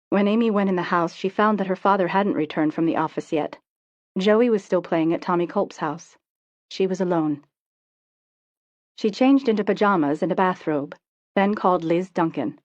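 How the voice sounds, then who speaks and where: A woman narrating an audiobook in a steady, measured way, on a dull, lo-fi recording. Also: lowish voice, no room sound.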